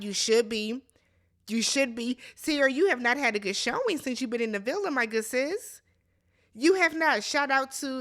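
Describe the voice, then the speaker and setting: A woman's voice: on the high side, pushed and bright. A woman hosting a casual reality TV recap, sassy and chatty, talking straight to her viewers. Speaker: recap host.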